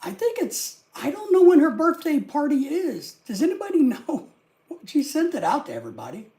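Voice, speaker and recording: A woman hosting a casual live stream, rambling and reading viewer comments aloud. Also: fairly high pitch.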